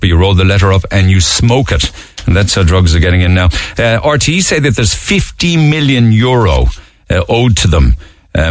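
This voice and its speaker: A man's voice: on the low side, no room sound, clean studio sound. A man hosting a radio show, running through the morning papers in a loose, chatty way with plenty of ums and uhs. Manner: conversational, lots of filler ums and uhs. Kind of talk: radio news roundup and chat.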